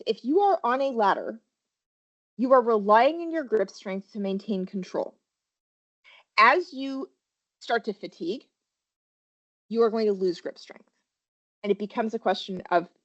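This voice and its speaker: A woman's voice: mid-range voice, highs cut off. A woman workplace safety trainer giving a webinar presentation, talking animatedly and quizzing her listeners with questions.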